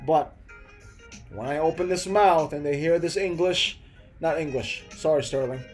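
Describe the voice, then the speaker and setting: A man's voice: fairly high pitch, moderate pace, faint music behind. Chatty American-accented man live streaming. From Philippines, raised in the US. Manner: chatty, frequent "bro" and "man", many restarts. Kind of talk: casual live stream chat with viewers.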